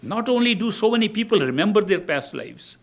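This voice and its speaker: An older man giving a spiritual discourse as a teacher, telling stories in a measured way and often restarting his phrases. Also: sits high, sing-song, gravelly.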